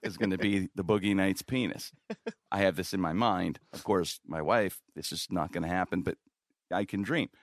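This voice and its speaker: On a casual podcast, a middle-aged guest storyteller shares a long anecdote, animatedly performing the quoted lines and laughing frequently. His voice is low and his pace moderate, recorded with studio quality and no echo.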